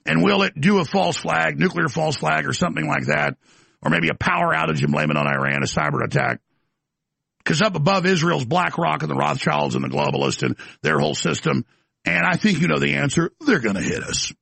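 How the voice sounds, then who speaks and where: A man's voice: a little high, very animated, fairly quick, creaky, a bit bright, breathy edge, no echo. A man hosting a talk show, delivering an impassioned, emphatic monologue into a studio microphone. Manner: ranting, emphatic, insistent.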